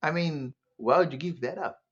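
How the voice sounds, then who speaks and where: A man's voice: on the high side, normal speed, husky, highs cut off. A man giving a sarcastic opinion commentary monologue, full of rhetorical questions. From South Africa. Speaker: online commentator.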